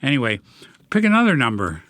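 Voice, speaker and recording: A man's voice: mid-range voice, huge pitch swings, fast, a bit bright, no room sound. A middle-aged man hosting a podcast, musing in a reflective, self-deprecating way during casual chat. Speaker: podcast host.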